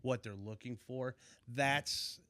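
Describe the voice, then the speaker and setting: A man, a fishing guide from Illinois, telling a story in casual conversation, animated and quick to act out shouted lines. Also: medium pitch, dry recording. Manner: animated, acts out shouted quotes. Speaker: fishing guide, podcast guest.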